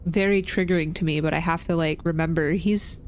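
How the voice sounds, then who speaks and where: A woman from Texas, a streamer telling a story in casual chat while gaming, animated and self-deprecating with nervous laughs. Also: sits low, a little fast, slight background noise.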